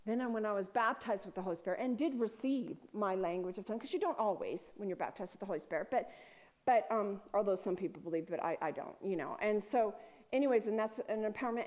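A woman sharing a personal spiritual testimony. She speaks earnestly and rambles with restarts, often sinking to a soft near-whisper. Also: on the high side.

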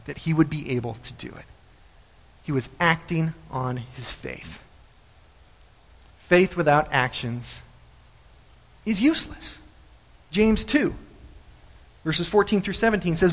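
A man preaching a sermon, telling the story in an animated way and repeating phrases for emphasis. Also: on the high side, measured pace, pauses often. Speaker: pastor. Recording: echoey hall.

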